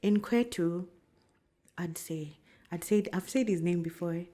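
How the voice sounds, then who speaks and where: A woman with a Kenyan accent tells stories from her career in a casual interview. She talks in an animated way, laughs often and slips into Swahili phrases. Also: fairly low pitch, a little slow. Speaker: brand strategist guest.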